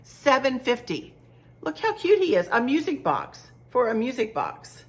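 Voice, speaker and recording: A woman's voice: on the high side, wildly swooping pitch, normal speed. A middle-aged woman chatting casually to camera about a shopping haul, chatty and gushing, often repeating herself. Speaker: home decor vlogger.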